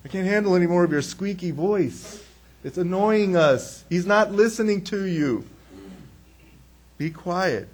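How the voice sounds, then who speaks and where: Impatient man in a crowd, dismissive and exasperated, as a preacher acts him out, slightly high voice. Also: animated, measured pace.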